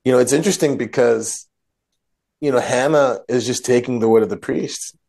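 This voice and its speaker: A man's voice: mid-range voice, moderate pace, gravelly, a little mellow. A man co-hosting a casual religious discussion, retelling scripture in a rambling way and correcting himself as he goes. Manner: rambling, self-correcting storyteller. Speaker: podcast co-host.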